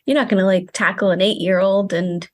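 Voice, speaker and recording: A woman who is a media studies professor, discussing a TV episode in casual conversation with frequent pauses and fillers. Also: mid-range voice, steady tone, no room sound. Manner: hesitant, many fillers like "um" and "like". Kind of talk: casual analytic chat.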